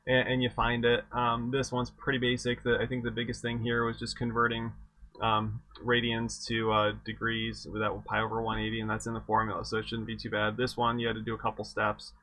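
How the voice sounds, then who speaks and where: A man running a casual exam review session as instructor, easygoing and halting, often repeating words as he thinks aloud. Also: mid-range voice, monotone, sharp tone, no echo. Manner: easygoing, self-deprecating. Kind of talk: casual live-stream lecture.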